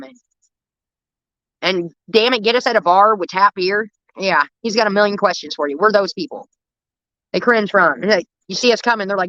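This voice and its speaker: A woman's voice: medium pitch, a little fast, fairly bright tone, no room sound, dull audio. A young woman chatting on a livestream, telling rambling, profane stories about her dad. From United States. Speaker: livestream host. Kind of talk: casual storytelling.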